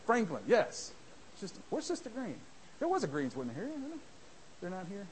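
A man preaching a sermon in church, rising to shouts and dropping to a hush, mimicking his listeners. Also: high voice, huge pitch swings, moderate pace, a little hiss or hum, poor audio. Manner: swings from shouting to soft, mimics church members. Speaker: visiting preacher.

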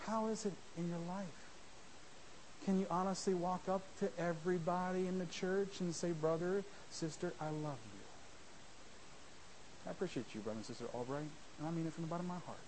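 A man preaching a sermon in church, rising to shouts and dropping to a hush, mimicking his listeners. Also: high-pitched, a little fast, slight background noise, low-quality recording. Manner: swings from shouting to soft, mimics church members. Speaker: visiting preacher.

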